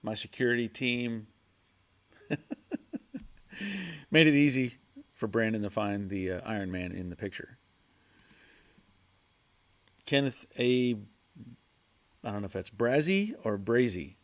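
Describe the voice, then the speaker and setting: A man hosting a casual livestream from his garage, reading viewer chat and answering in a halting way, repeating words and chuckling often. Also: fairly low pitch. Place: home garage.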